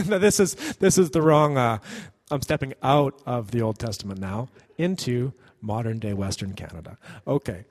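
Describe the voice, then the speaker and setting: Animated male pastor preaching in a reverberant hall. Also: medium pitch, moderate pace. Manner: animated, acts out quoted voices. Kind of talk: sermon.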